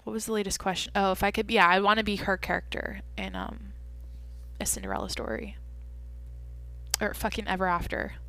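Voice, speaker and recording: A woman's voice: mid-range voice, fairly even intonation, fast talker, creaky, hardly any pauses, pushed and bright, dry recording. A young woman hosting a solo podcast, chatting casually and rambling as she thinks aloud and swears often. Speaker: podcast host.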